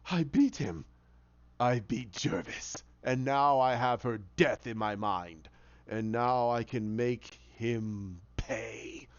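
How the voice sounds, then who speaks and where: A man voicing a brooding, vengeful male vigilante hero who speaks low, slow and grim. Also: dry recording, lightly acted. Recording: muffled lo-fi recording.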